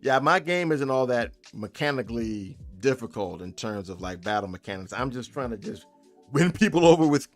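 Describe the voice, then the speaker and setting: A relaxed man talking on a live stream in an easygoing, joking way, reacting to chat and laughing often. His pitch sits in an ordinary middle range. Faint music plays underneath. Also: moderate pace. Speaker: game developer streamer.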